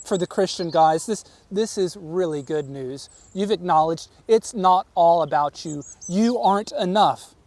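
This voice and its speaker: A man's voice: high voice, a little slow, few pauses, a little mellow, no echo. A man preaching a sermon, earnest and emphatic, often repeating words as he presses a point. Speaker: pastor.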